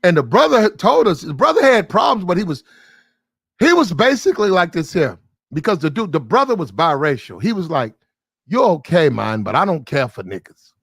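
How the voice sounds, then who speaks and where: A man's voice: high voice, a little fast, husky, no echo, studio quality. A man casually telling a long, profane anecdote, acting out the people in it. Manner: profane, animated anecdote with quoted voices. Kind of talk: casual storytelling chat.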